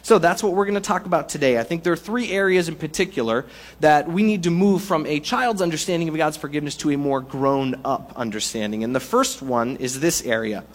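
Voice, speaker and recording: Conversational man preaching, slightly high voice. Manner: conversational, jokey preaching with analogies. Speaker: pastor. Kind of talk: sermon.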